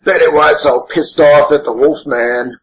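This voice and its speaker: A man's voice: on the high side, steady tone, a little slow, a bit bright, low-quality recording. A man voicing a gigantic, grouchy green monster as co-host of a crude, rambling in-character watch-along commentary. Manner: crude, brash and rambling, swears a lot.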